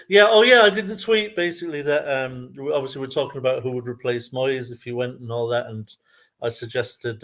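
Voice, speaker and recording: A man's voice: medium pitch, fairly bright tone. A man with an Irish accent hosting a live fan stream, chatty and jokey, laughing often as he greets viewers. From Ireland. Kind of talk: casual fan chat.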